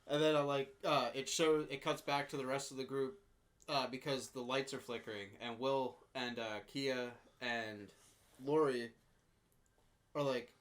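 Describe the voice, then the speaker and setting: A man chatting loosely on a podcast, retelling scenes from a slasher film. His voice sits at an ordinary middle pitch, and he laughs often, stumbles into restarts and pops up in pitch to quote characters. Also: steady tone, unhurried, a bit bright. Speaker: podcast co-host. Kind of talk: casual movie recap chat.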